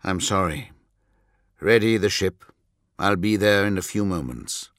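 A man's voice: low voice, a little slow, a bit bright, no echo, clean studio sound. A man voicing a grave, compassionate male warrior-lord who speaks in a solemn, weighty way.

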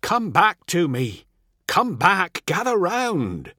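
A man's voice: mid-range voice, lively intonation, a little slow, fairly bright tone, no room sound, clean studio sound, voice pushed up. A man voicing a determined, protective traveller who gives firm, urgent commands.

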